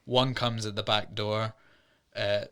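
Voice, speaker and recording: A man with a bright, crisp, clear voice chats casually as a podcast co-host. He retells a film's scenes with animated energy and drops into voices for the characters. The sound is clean and recorded in a studio. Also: fairly low pitch, slow. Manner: animated retelling, acts out quotes in put-on voices. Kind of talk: casual film review chat.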